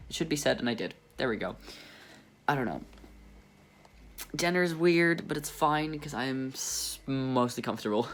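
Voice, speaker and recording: A man's voice: mid-range voice, a bit bright. A young adult man talking candidly in a personal vlog, rambling with restarts and nervous laughs. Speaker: vlogger.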